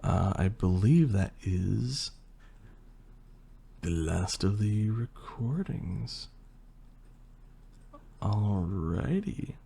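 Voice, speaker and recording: A young man with a hoarse, partly lost voice, chatting casually and rambling through a Q&A as an ASMR creator. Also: fairly low pitch, very slow, pauses often. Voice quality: gravelly and husky. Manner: relaxed, rambling, with fillers and swearing. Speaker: ASMR creator answering questions. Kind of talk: casual Q&A chat.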